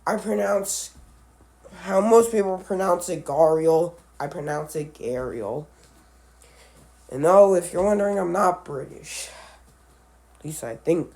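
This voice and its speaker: A man giving casual commentary on animal matchups, halting and often correcting himself, with offhand musing asides. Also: high voice, gravelly, a little mellow. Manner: halting, with frequent restarts and self-corrections. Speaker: animal video creator.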